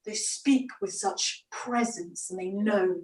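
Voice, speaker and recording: A woman, a theatre director leading an online acting workshop, talking in a lively, demonstrative way. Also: mid-range voice, slow pace. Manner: lively, demonstrative, laughs often. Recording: echoey room, mic at a distance.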